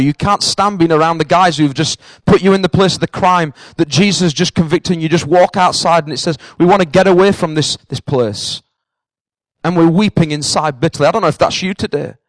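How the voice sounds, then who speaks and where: A male preacher with a fairly high voice delivering an earnest sermon that builds into fervent passion. The sound is dry and close, with no room echo.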